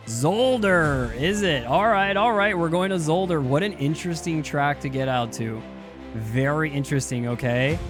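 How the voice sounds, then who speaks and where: Hyped man hosting a race stream. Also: fairly high pitch. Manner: hyped, rambling, talks to chat. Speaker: streamer and race league host. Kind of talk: casual live-stream commentary.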